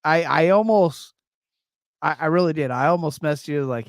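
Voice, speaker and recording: Man, podcast co-host, somewhat high voice, dry close sound, jokey, laughs a lot, stammering restarts. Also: animated, normal speed, no room sound. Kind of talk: casual banter.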